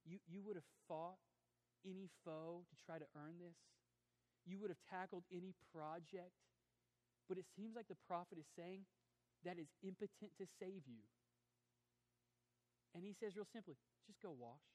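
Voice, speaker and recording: A male pastor preaching a sermon, swinging between forceful emphasis and quiet, drawn-out lines. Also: high-pitched, steady tone. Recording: long hall reverb.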